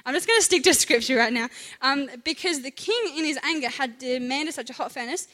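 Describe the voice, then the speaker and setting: A young woman giving a chatty, animated youth talk on scripture, acting out little voices as she goes. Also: sits high. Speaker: youth speaker. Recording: echoey hall.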